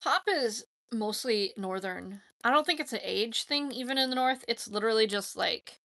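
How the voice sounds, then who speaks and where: A woman hosting a casual question-and-answer chat, talking in a rambling, chatty way with lots of "like" and quick laughs. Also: a little high, expressive, vocal fry, fairly bright tone. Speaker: host answering viewer questions.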